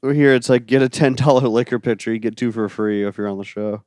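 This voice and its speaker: Smooth-voiced young male comedian guest. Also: medium pitch, fast, darkish tone, no echo. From Florida. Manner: laid-back, joking, dry asides. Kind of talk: casual comedy podcast chat.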